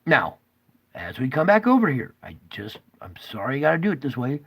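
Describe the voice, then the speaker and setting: A man's voice: mid-range voice, huge pitch swings, brisk, creaky, husky. A man on a live stream urgently walking viewers through charts, checking in with them over and over. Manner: urgent, pointing things out, frequent "okay?" and "all right?" checks to viewers; alarmed and emphatic, swinging between loud bursts and hushed asides. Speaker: online streamer explaining space-weather charts.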